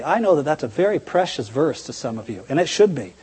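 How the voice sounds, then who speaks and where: A man's voice: fairly high pitch, sing-song, fast talker, hardly any pauses, a little mellow, husky, long reverb tail. A man preaching a sermon in a conversational, emphatic way, often posing rhetorical questions.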